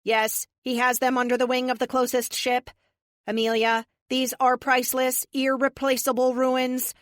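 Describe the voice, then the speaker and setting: A woman voicing a calm, formal male AI pilot in an audiobook, speaking precisely and without contractions. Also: high-pitched, moderate pace, dry recording, clean studio sound, voice pushed up, lightly acted. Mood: urgent. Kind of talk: audiobook character voice.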